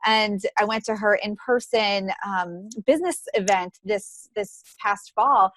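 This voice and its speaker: A woman's voice: mid-range voice, unhurried, fairly bright tone, dry recording. A woman hosting a podcast, chatting casually with her guest, talking loosely with many restarts. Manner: chatty, many fillers and restarts, laughs often. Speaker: podcast host. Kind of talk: casual interview chat.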